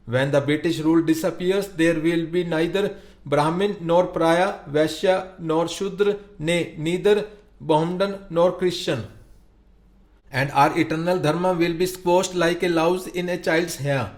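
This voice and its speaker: A man's voice: a little high, fairly even intonation, unhurried, close to an everyday voice. A man reading as an old village preacher. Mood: solemn. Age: older. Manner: solemn, preaching.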